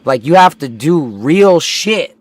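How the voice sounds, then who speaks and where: A man's voice: fairly high pitch, lively intonation, slow pace, no echo. A young man in his twenties, a gaming livestreamer, telling a long story in casual chat, swearing heavily and acting out what the people in it said. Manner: profane, ranting, acts out quoted people.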